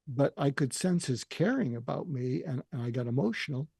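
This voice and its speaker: An older man shares a deeply personal story, earnest and emotional, often quoting others. His voice is gravelly and husky with a dark, mellow tone. The recording is dry and close. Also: expressive, normal speed, no echo. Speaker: guest.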